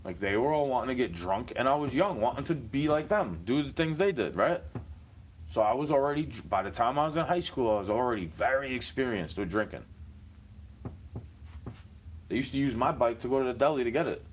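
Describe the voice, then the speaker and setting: A man's voice: mid-range voice, expressive, fairly quick, a little hiss or hum. A man, rambling in a profane casual monologue full of street slang.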